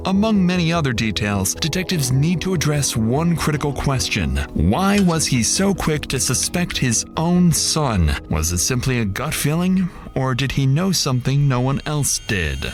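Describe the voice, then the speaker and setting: Man, true-crime voice-over, measured and dramatic, lively pitch, loud music behind. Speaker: documentary narrator. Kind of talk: scripted true-crime narration.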